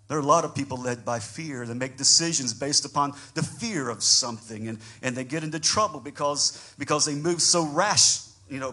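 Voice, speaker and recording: A man preaching a sermon as pastor, calling for feedback from the congregation and building from quiet reflection to loud, emphatic declarations. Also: a little high, husky. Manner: preaching with call-and-response, swelling from soft musing to loud emphatic declarations.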